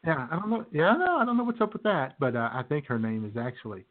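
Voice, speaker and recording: A man's voice: a little high, sing-song, fast talker. A man hosting a podcast, rambling through stories in casual chat and laughing at them. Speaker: podcast host. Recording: tinny phone-like audio.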